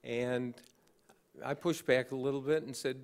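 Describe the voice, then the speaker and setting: A man in his sixties speaks slowly and unhurriedly from a podium microphone, his voice pitched at an ordinary middle register. He tells an anecdote in a halting way, with many uh fillers and a dry, wry humor. It sounds like an acceptance speech to a large room. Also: fairly even intonation. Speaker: award recipient giving acceptance speech. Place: large banquet hall on stage.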